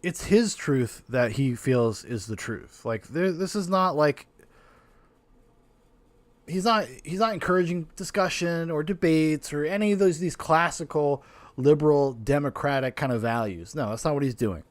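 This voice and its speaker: A man hosting a podcast, casually reacting with animated, profane, rambling commentary. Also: fairly high pitch, normal speed, no echo. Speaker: podcast host.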